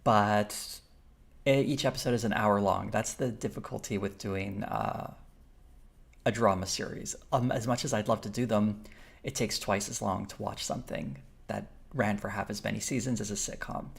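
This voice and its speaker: Gravelly low-voiced male streamer. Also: steady tone, moderate pace. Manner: rambling, thinks aloud, with fillers and restarts while reading chat. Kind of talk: casual live-stream chat.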